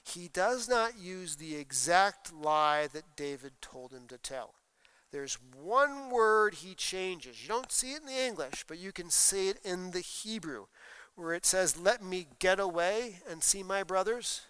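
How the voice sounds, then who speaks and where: A man's voice: high-pitched, very animated, a little slow, bright, forceful tone, clean tone. A man preaching a sermon, explaining scripture and reading passages aloud with emphasis. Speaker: pastor.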